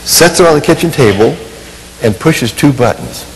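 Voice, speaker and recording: A man telling a personal story in a sermon, animated and poking fun at himself, acting out what people said. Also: mid-range voice, moderate pace, big-room sound, a little hiss or hum, low-quality recording. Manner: animated, self-mocking humor, acts out quotes. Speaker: Christian minister and family counselor.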